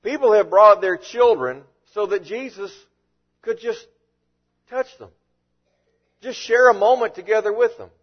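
A man preaching a sermon as a pastor, with animated delivery and frequent rhetorical questions. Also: sits high, a little slow, pauses often, breathy edge, muffled recording.

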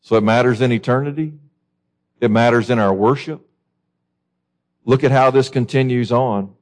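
A male pastor delivering a sermon with passion and conviction. His voice climbs sharply into high, insistent peaks as he quotes scripture, then drops back to press the congregation with pointed questions. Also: expressive, unhurried, pauses often, darkish tone. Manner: impassioned, rising to high emphatic peaks when quoting scripture.

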